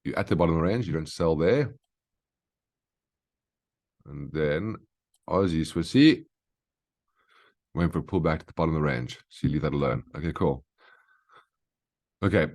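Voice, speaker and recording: A man with a low-pitched, slightly mellow voice hosts a daily market brief. The market analyst reviews price charts live in a casual, instructive tone, often pausing to ask "okay?".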